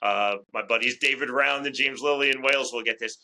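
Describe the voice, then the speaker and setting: A man talking as a guest in a casual interview, chatty and quick to restart his words. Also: mid-range voice, fairly even intonation, bright, forceful tone, rough recording. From United States. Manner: talkative, repeats words as he restarts. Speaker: fight commentator, interview guest.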